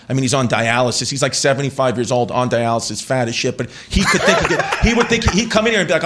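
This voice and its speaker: A man's voice: a little high, fairly bright tone. Man telling a rambling family story. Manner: rambling, self-interrupting, breaks into laughter and impressions. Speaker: comedian guest. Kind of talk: animated storytelling on a talk show.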